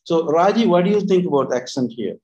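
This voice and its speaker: A man's voice: a little high, animated, brisk, darkish tone, dull audio. A man co-hosting an English-learning talk from Sri Lanka, chatting casually and rambling with many restarts and fillers. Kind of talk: casual teaching chat.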